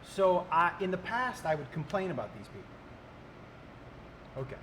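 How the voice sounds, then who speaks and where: A man's voice: high voice, sing-song, measured pace, fairly bright tone, slight background noise. A man co-hosting a podcast, talking earnestly and reflectively about his own habits. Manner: earnest, reflective, repeats himself while thinking. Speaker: podcast co-host. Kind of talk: casual podcast chat.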